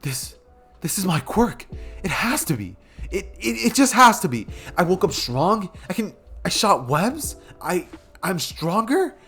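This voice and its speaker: A man's voice: big pitch swings, measured pace, breathy edge, soft background music, full character voice. A man voicing a timid teenage boy with spider powers who stutters nervously. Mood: excited. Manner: stuttering, nervous, high and loud.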